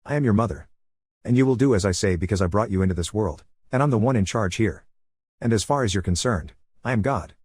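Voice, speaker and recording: A man's voice: fairly low pitch, expressive, fast talker, darkish tone, husky, dry recording, clean studio sound. A man reading the lines of a bossy, domineering middle-aged mother in a narrated story, in a commanding tone. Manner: commanding, demanding.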